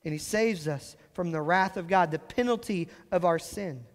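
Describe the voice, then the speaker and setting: A man preaching a sermon as pastor, explaining scripture and slowing down to stress key phrases. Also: sits high, in a large hall. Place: church sanctuary.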